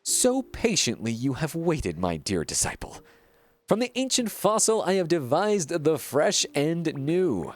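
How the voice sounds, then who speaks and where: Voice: mid-range voice, very animated, a little slow, dry recording, voice pushed up. A streamer reading a grandiose, pompous art master. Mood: lofty. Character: pompous flamboyant art teacher. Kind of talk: reading game dialogue aloud.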